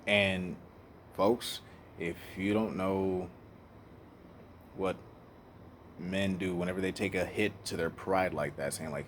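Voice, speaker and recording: A man's voice: sits low, fairly even intonation, slow pace, long pauses, slight background noise. A young man candidly telling a personal story in an emotional, profane way, sometimes trailing off and restarting. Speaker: speaker sharing life story.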